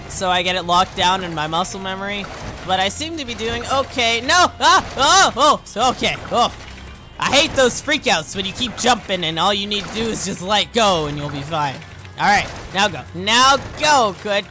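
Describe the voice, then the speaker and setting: A young man giving casual let's play commentary, talking himself through tricky jumps and yelping at every failure. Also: sits high. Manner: excitable, yelps and shouts at fails; self-talking, rambling asides.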